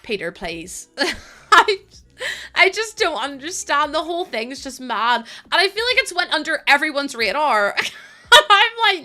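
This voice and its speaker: A woman's voice: high voice, big pitch swings, unhurried, bright, forceful tone, soft background music. A young woman streaming a game, chatting casually with her chat, thanking viewers and laughing often.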